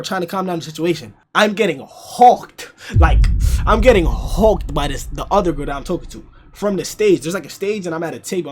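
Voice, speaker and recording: Young man, casual storytime, slangy, lively, faint background noise. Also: high-pitched. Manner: animated slangy storytelling with frequent laughs. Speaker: streamer telling a story.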